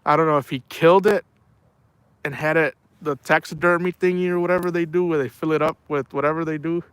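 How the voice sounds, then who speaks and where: A man's voice: fairly high pitch, fairly even intonation, a little fast, fairly bright tone, smooth, dry recording. A middle-aged man chatting casually on a livestream, telling rambling stories and saying "man" a lot. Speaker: livestream host.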